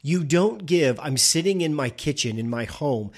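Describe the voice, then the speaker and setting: A man's voice: fairly high pitch, lively intonation, moderate pace. A man who works as a political consultant, co-hosting a casual talk show, blunt and emphatic with frequent stammered restarts.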